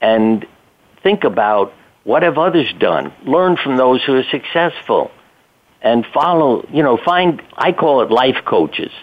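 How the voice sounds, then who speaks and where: An older man, a doctor appearing as a guest on a casual storytelling interview, tells stories in a relaxed, conversational way. He has a lowish voice, chuckles as he talks, and acts out what people said. The audio comes through a tinny phone line.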